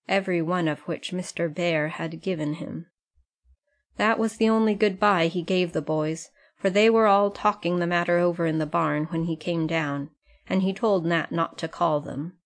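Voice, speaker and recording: Calm woman narrating a classic novel. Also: fairly low pitch, moderate pace. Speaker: audiobook narrator. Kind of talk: scripted narration.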